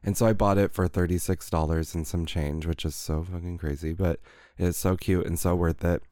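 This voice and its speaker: A man's voice: low voice, steady tone, moderate pace, warm tone, dry recording, clean studio sound. A man co-hosting a podcast, chatting casually and telling stories with sarcastic asides. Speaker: podcast co-host. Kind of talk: casual chat.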